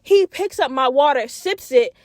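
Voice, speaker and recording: A young woman hosting a podcast, telling a story in a loud, profane, animated casual way straight to her listeners. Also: high-pitched, normal speed, no echo, clean studio sound. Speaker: podcast host. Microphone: podcast mic.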